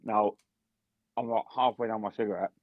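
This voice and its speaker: A man's voice: lowish voice, fairly even intonation, brisk, no room sound. A young man co-hosting a podcast, telling a story in casual chat, swearing heavily with lots of restarts and fillers. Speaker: podcast co-host and barman. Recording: dry, dull lo-fi podcast mic.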